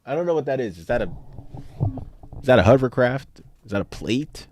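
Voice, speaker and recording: A young man streaming live, chatting casually with his viewers in an animated, joking way as he ranks characters on a tier list. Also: mid-range voice, fairly quick, slight background noise. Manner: animated, jokey, talks back to chat.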